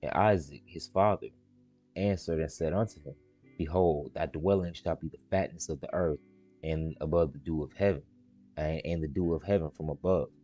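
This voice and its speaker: A man on a live stream reading the Bible aloud and explaining it in casual slang, repeating words and jumping into high excited voices for the characters. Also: moderate pace, lo-fi sound, soft background music. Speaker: stream host reading scripture.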